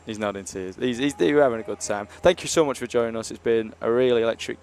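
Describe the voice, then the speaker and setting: A man's voice: medium pitch, fast talker, darkish tone, clear, resonant tone. A young man commentating live on a university ice hockey stream, chatty and jokey as he rambles between games.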